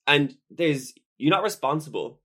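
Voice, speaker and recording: A man's voice: on the high side, lively intonation, a little slow, a bit bright, breathy edge. A young man co-hosting a casual podcast, teasing and giggling, often cutting in. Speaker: podcast co-host.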